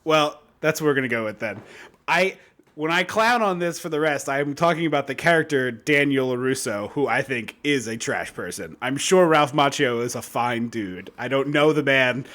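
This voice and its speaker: A man co-hosting a podcast in casual chat, ranting in a lively, mocking way. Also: mid-range voice, moderate pace. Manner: animated, mocking rants. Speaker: podcast co-host.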